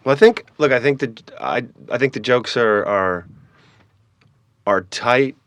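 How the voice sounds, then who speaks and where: A man's voice: mid-range voice, a little slow, fairly bright tone, no room sound. A man from Canada, a stand-up comedian, chatting as a guest in an interview, often restarting his sentences with a self-deprecating tone. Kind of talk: casual interview chat.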